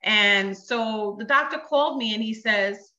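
A woman's voice: on the high side, a little slow, sharp tone, echoey room, highs cut off. A woman giving a personal testimony in conversation, telling her story with emotion and acting out what others said. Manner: earnest, emotional storytelling with quoted speech.

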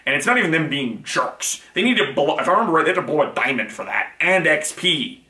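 A man's voice: fairly high pitch, lively intonation, fast, pushed and bright. A man hosting his own channel, talking through a casual monologue in a rambling, frank way that keeps correcting itself. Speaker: channel host. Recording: echoey room.

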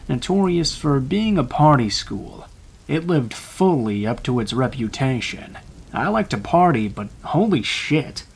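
Male horror narrator, husky and measured, rain in the background. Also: medium pitch, darkish tone. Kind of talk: scripted horror story narration.

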